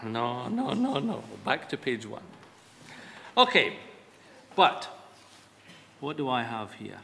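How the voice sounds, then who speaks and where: A man's voice: medium pitch, very animated, slow pace, creaky, sharp tone. Wry Scottish man in an echoing hall. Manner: self-deprecating, wry storytelling. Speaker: after-dinner humorist. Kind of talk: humorous speech to a live audience. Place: large event hall before an audience. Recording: reverberant hall with light background noise.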